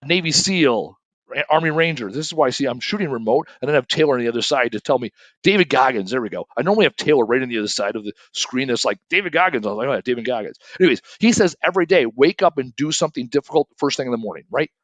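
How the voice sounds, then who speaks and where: A middle-aged man giving a casual solo talk as an author, animated and self-correcting, acting out the people he quotes. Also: medium pitch, quick pace, dry recording. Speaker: author and speaker. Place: home studio, shooting remote.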